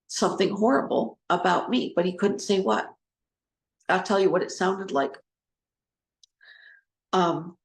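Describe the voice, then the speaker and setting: Gravelly-voiced woman telling stories. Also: lowish voice. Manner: storytelling, acting out quoted voices. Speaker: trauma recovery coach. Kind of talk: informal talk. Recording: echoey room.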